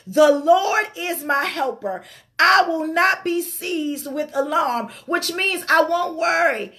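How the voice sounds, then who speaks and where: A woman preaching a sermon with passion, her voice sometimes breaking with emotion as she repeats phrases for emphasis and slows down to stress scripture. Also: extremely high pitch, a bit bright.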